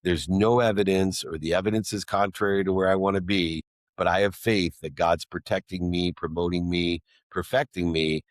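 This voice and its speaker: A man's voice: deep voice, steady tone, moderate pace, dry recording, studio quality. A middle-aged man, a guest in an interview, telling a personal story in an earnest, emphatic way with alliterative phrasing.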